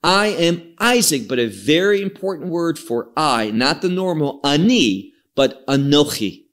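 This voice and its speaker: Male Bible teacher, fairly high voice, unhurried expository sermon, emphatic on key words. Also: lively intonation, a bit bright.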